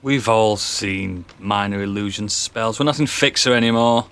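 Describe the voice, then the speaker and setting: A man's voice: fairly low pitch, moderate pace, fairly bright tone, clear, resonant tone. A man playing in a tabletop game, tossing in dry, teasing remarks. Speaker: player. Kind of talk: casual in-character banter.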